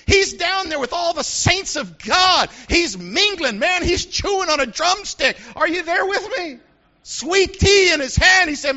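A man preaching a sermon to his congregation, animated and preacherly, acting out the voices he quotes. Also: very high-pitched, measured pace, highs cut off. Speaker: pastor. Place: church sanctuary with congregation.

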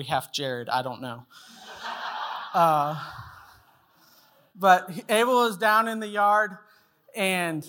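A man's voice: fairly high pitch, bright, forceful tone. A man in his thirties preaching a sermon as pastor, telling a family story and acting out its voices. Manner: storytelling, acts out voices in anecdotes.

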